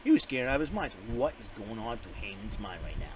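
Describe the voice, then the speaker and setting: A man giving a casual, rambling spoken recap, excitable and full of restarts and fillers. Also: lowish voice, fast talker, slight background noise, rough recording. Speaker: show recapper.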